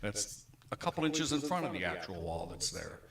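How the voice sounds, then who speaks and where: A man chatting casually on a home livestream from a basement room, relaxed and self-deprecating. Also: fairly low pitch, normal speed, gravelly, reverberant. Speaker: home livestreamer and guitar singer. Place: basement room with green screen. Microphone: webcam stream mic from across room.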